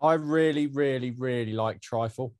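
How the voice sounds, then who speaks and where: A man co-hosting a casual chat over a video call, throwing teasing deadpan jabs. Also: medium pitch, normal speed, no echo, studio quality. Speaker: podcast co-host.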